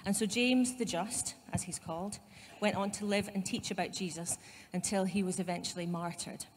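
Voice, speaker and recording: A woman's voice: mid-range voice, steady tone, moderate pace, big-room sound, slight background noise. A woman pastor with a Scottish accent giving a conversational sermon, with asides to her congregation. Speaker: site pastor. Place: church.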